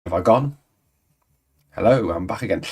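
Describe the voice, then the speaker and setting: A man's voice: on the low side, expressive, normal speed, darkish tone, husky. A man in his forties hosting a fan livestream, chatting casually and rambling through viewer comments with exasperated asides. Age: 40s. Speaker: fan channel host.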